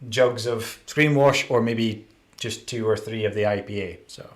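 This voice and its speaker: A man's voice: fairly low pitch, a little slow. A man hosting a live stream, chatting casually and working through practical tips from his notes. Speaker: window cleaning channel host.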